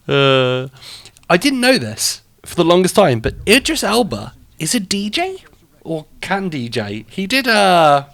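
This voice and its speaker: A man's voice: sits high, sing-song, slow pace, gravelly, pauses often, a bit bright, no room sound. Chatty, rambling male stream host. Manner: rambling, chatty, laughs often. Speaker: radio show host and streamer. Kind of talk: casual live-stream chat.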